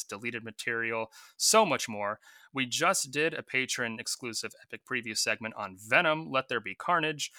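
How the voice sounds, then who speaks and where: A man co-hosting a film podcast, reading patron thanks and trading casual remarks with a wry, deadpan delivery. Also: medium pitch, no room sound, studio quality. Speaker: podcast co-host. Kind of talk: casual podcast talk and sponsor reads.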